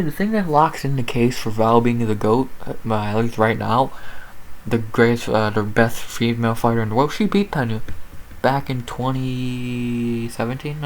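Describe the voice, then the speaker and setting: A woman giving a profane, exasperated rant about a fight result, talking with loud disbelief and constant swearing. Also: extremely low pitch, a little hiss or hum, low-quality recording. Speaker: MMA commentator. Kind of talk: sports recap rant.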